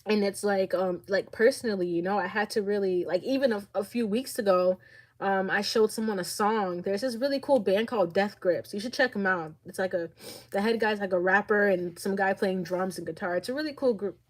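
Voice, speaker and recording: A woman's voice: medium pitch, fairly quick. A woman psychic reader giving a channeled spiritual reading. She is teary and emotional, and she talks in a heartfelt, rambling way with many fillers and restarts.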